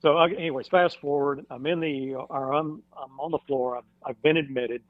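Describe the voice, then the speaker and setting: A firefighter, a guest on a podcast, telling a personal story in a casual interview, halting with many fillers and restarts. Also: male voice, on the high side, steady tone, dry recording. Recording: dull dry recording.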